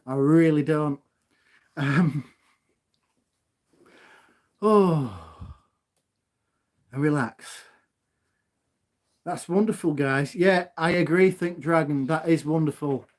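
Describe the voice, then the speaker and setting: A man chatting loudly and cheerfully on a live stream from home into his phone, laughing often. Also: fairly high pitch. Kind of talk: casual live stream chat.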